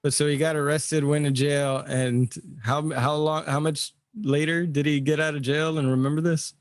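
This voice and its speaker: A man with a slightly high voice chats as co-host of a casual podcast. He rambles through questions and swears in passing. The recording is close and dry. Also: level tone, normal speed, no room sound.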